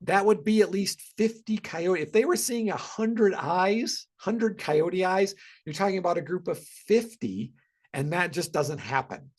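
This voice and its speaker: A man's voice: high-pitched, measured pace. Man presenting a casual wildlife webinar. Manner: conversational, many ums and restarts. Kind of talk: casual educational talk.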